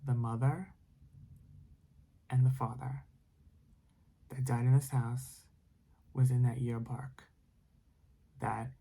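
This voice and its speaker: A man's voice: mid-range voice, flat delivery, slow pace, gravelly, pauses often, dark tone, husky. A man telling a spooky story casually, rambling with many fillers and dropping into whispers. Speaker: storytime narrator.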